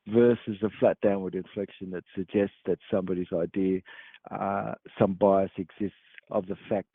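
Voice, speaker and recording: A man hosting a show, explaining at length in a halting, rambling way with many fillers. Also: lowish voice, steady tone, husky, no room sound. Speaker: podcast host. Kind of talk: meandering explanatory monologue. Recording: dry tinny phone-like sound.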